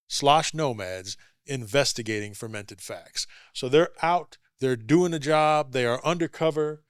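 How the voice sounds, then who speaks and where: A man's voice: mid-range voice, clear, resonant tone, dry recording, studio quality. A man co-hosting a casual podcast, introducing segments in a playful, announcer-like way. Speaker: podcast co-host.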